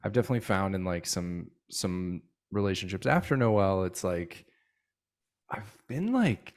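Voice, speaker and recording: A man co-hosting a podcast, chatting in a relaxed, casual way and swearing freely. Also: low-pitched, moderate pace. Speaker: podcast co-host.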